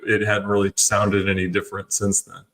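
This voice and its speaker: A man from Georgia talks as a podcast guest in a neutral American accent with a slight Southern trace. His voice sits a bit low, and he speaks in a measured way with small hesitations. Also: monotone, a bit bright. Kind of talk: casual podcast chat.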